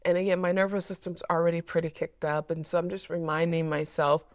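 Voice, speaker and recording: A woman's voice: on the low side, level tone, a little fast, dry recording, studio quality. A woman therapist sharing a personal parenting story in a candid, reflective way, often repeating words as she thinks. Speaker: mental health therapist.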